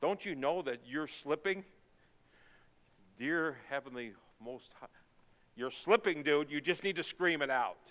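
A man preaching a sermon, moving from quiet, intense passages to loud, fervent pleading. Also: on the high side, animated, measured pace, pauses often. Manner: swings from quiet intensity to shouted fervor. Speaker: pastor. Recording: dull sound with long reverb in a hall.

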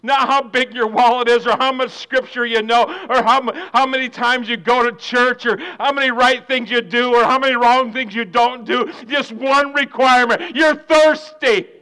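Male preacher, very high and bright tone, emphatic repetitive sermon delivery. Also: fairly even intonation, moderate pace, hardly any pauses, clear, resonant tone.

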